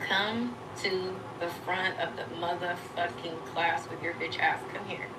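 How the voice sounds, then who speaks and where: A woman's voice: on the low side, steady tone, measured pace. A woman on a livestream, defiant and profane, scolding critics in a confrontational rant. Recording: distant, echoey, noisy stream audio.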